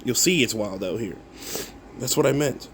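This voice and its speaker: A man's voice: mid-range voice, lively intonation, normal speed, slight background noise. A content creator, a man, replying to viewer comments in a casual rant, mocking and swearing, breaking into laughs and repeating himself.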